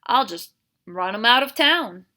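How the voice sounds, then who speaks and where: A woman voicing a drunk, leering male sheriff who talks in a slow drawl. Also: a little high, expressive, sharp tone, voice pushed up. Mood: bargaining.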